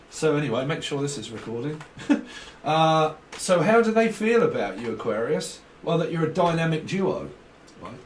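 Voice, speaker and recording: A man's voice: on the high side, very animated, normal speed, distant mic. Man, rambling comic tarot reader, recorded in a roomy space with faint hiss. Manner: jokey, rambling, breaks into song and silly voices.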